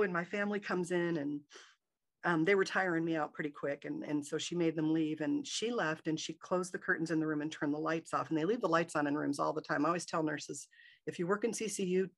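Gravelly-voiced woman telling her story. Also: low-pitched, fairly quick. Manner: animated, acts out quoted dialogue in a raised voice. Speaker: interview guest. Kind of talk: personal storytelling in conversation.

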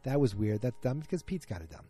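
A man with a mellow, relaxed tone talks through a show recap like he's chatting with friends. He wanders, doubles back, and fills gaps with ums and you-knows, while faint music sits quietly underneath. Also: mid-range voice, fast talker, breathy edge. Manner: rambling, chatty, many fillers and restarts. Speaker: podcast host. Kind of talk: casual episode recap.

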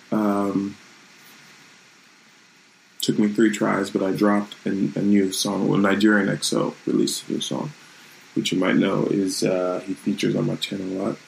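A man's voice: on the low side, little pitch movement, a little slow, gravelly, long pauses, darkish tone, slight background noise, low-quality recording. A man hosting his own channel, talking in a loose, rambling and reflective way in a casual live-streamed vlog from his room at home.

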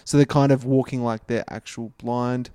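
A young man co-hosting a casual comedy podcast, with a warm, mellow voice. He teases his co-host in a dry, deadpan manner. The recording is close and dry. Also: medium pitch, normal speed, clear, resonant tone, no room sound. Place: indoors, in the same room as his co-host.

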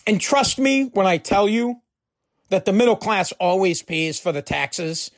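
A man's voice: high-pitched, expressive, unhurried. A man delivering a heated, profane political rant, fired up and repeating himself.

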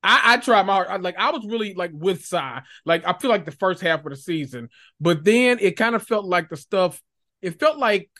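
Podcast guest, casual chat, mid-pitched voice, slangy, laughs often. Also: lively intonation, moderate pace, bright, forceful tone.

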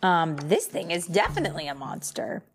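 A young woman reading a picture book aloud to a child, slow and expressive with gentle exclamations. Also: lowish voice, faint music behind. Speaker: storybook reader.

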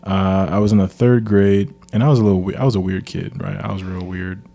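A man, co-hosting a podcast and telling a childhood story in a casual, animated way. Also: deep voice, a little fast, vocal fry. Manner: animated storyteller, acts out quoted voices. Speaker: podcast co-host.

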